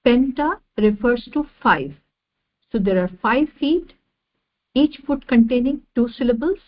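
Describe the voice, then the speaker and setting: A woman giving an online lecture over slides, measured and repeating each definition step by step. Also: on the high side, dull audio.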